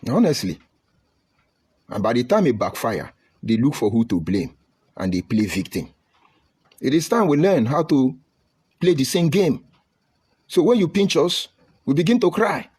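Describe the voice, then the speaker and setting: A man's voice: medium pitch, a little mellow, husky. A man giving an impassioned political speech with a preaching, rhetorical delivery and emphatic lists. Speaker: political speaker.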